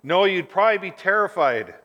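A man preaching a sermon as pastor, swinging from near-shouts to hushed, quiet lines. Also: high-pitched, big pitch swings, fairly quick, muffled recording. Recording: long hall reverb.

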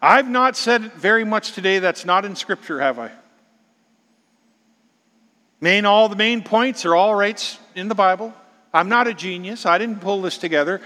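A middle-aged man preaching a sermon as a pastor, dramatic, dropping to whispers and rising to loud exclamations. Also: sits high, long reverb tail.

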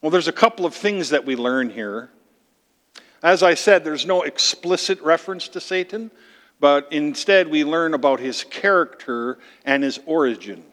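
A man's voice: fairly high pitch, moderate pace, fairly bright tone, in a large hall. A man preaching a sermon, explaining scripture emphatically with rhetorical questions.

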